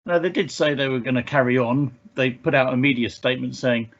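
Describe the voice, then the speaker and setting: Dry, offhand man on a dull recording. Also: medium pitch. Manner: offhand, dry, halting with fillers. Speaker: podcast co-host. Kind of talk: casual music chat.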